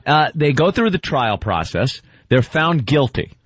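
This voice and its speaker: A man hosting casual radio chat, lively and acting out scenes as he talks. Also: a little high, unhurried, slightly rough, no echo. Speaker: radio host. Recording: dull dry radio studio sound.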